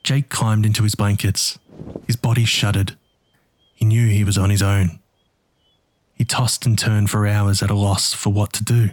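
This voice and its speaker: A man narrating a dark story in a tense, measured, scripted delivery. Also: lowish voice, flat delivery.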